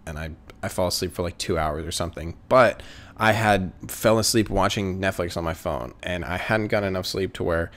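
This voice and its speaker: A man's voice: sits low, brisk, a bit bright. A young man telling a story casually, rambling with lots of fillers and swearing. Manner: rambling, filler-heavy, profane. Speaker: vlogger.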